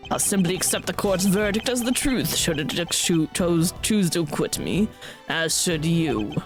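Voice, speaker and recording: Lady doing an oily mocking older guy, lower voice, swings all over, game music behind. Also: lively intonation, a little slow. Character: smug scheming older man, defendant.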